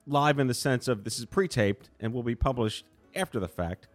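A man's voice: medium pitch, moderate pace, no echo, soft background music. A man hosting a podcast, chatting casually with a guest and tossing in wry, joking asides. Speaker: podcast host. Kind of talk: casual interview chat.

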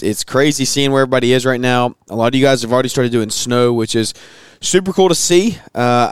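A man in his thirties hosting a podcast, talking casually with a hoarse voice and plenty of fillers and restarts. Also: mid-range voice, dry recording, clean studio sound. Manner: chatty, rambling with fillers and restarts. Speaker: podcast host.

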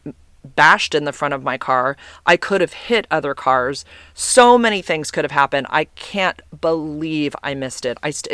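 A woman's voice: low-pitched, a bit bright, no echo. A woman casually telling a personal story, rambling and swearing, restarting sentences, and acting out quoted voices.

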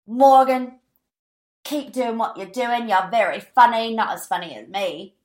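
A woman's voice: on the high side, measured pace, reverberant, natural voice. Woman doing a cocky British gent. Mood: boastful. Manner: boastful, teasing. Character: cocky middle-aged British man.

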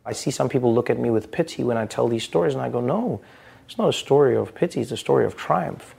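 A man's voice: mid-range voice, animated, quick pace, vocal fry, a little mellow, slight background noise. A man in his thirties, a comedian speaking candidly and thoughtfully in an interview. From South Africa. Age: 30s. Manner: thoughtful, candid, with small restarts. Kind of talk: reflective interview.

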